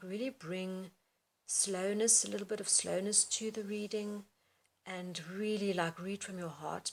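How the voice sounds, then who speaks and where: A woman's voice: lowish voice, gravelly, breathy edge. A woman, a teacher explaining how to read a story aloud with expression. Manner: explains expressively, then reads passages aloud. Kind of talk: reading-aloud lesson.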